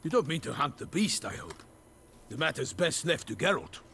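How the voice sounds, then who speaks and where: A wry, learned companion. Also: male voice, on the high side, very animated, vocal fry, bright, forceful tone, exaggerated voice. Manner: measured, wry. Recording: game audio with faint noise.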